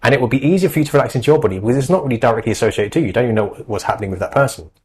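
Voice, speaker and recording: Man, brisk anxiety-coach type, earnest and reassuring, medium pitch. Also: a little mellow, slight background noise, poor audio. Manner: earnest, reassuring, many fillers. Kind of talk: advice in podcast conversation.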